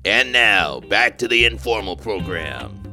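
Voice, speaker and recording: Man doing a low gravelly radio announcer, slow formal delivery, music behind. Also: very animated. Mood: announcing. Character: deep-voiced male radio show announcer.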